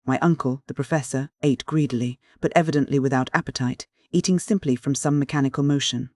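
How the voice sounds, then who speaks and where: A man's voice: medium pitch, fairly quick, no room sound. Dry, close male audiobook narrator. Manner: steady, clear first-person storytelling. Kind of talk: scripted narration of a classic novel.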